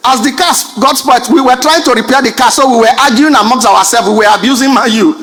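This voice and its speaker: A Nigerian male comedian with a very high, light voice tells animated stories on stage, laughing as he goes and mimicking a stammer. His voice rings with the long reverb of a large hall. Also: fast talker, soft background music. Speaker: stand-up comedian. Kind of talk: stand-up comedy addressing the president.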